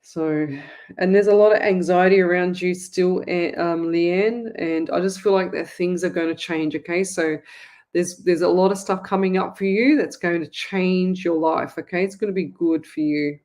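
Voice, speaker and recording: A woman's voice: fairly low pitch, steady tone, normal speed, darkish tone. A woman hosting a live psychic reading show, talking to viewers in a rambling, chatty way with many restarts. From Australia. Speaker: psychic medium host.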